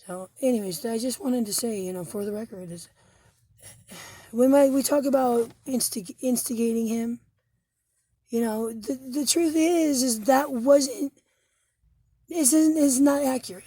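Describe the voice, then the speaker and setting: A hoarse woman telling her own story to the camera in an agitated, profane way, with frequent repetitions and restarts. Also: on the high side, measured pace, long pauses, dark tone. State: hoarse, injured throat. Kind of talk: personal recounting to camera.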